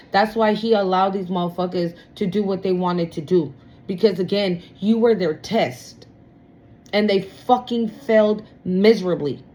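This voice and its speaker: A woman's voice: mid-range voice, darkish tone, rough recording. A woman giving a casual tarot reading. She talks in a blunt, profane, emphatic way and often repeats herself. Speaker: tarot reader.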